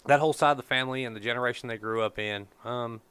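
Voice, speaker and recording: A man's voice: medium pitch, fairly even intonation, rapid-fire, bright, forceful tone, clean tone, no echo. A man, a truck show organizer, chatting casually on a podcast and rambling through stories with plenty of swearing. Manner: rambling storyteller, swears freely.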